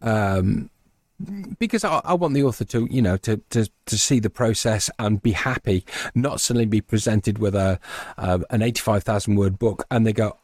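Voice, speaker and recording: A man's voice: fairly low pitch, normal speed, a little mellow, no room sound. A man who narrates audiobooks, chatting as an interview guest and explaining his work at length. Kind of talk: casual interview chat.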